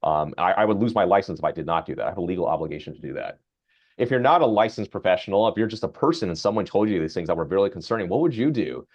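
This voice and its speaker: A man, a physician, giving a grand rounds lecture in a conversational, animated storytelling way. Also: sits low, racing, dull audio.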